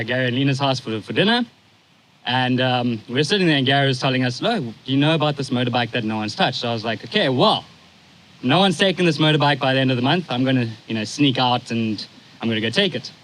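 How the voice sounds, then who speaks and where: A young man in his twenties delivers a eulogy for his stepfather, telling a story casually and haltingly, stopping now and then to collect himself. His voice is mid-range and fairly bright; the recording is rough, with a little background noise.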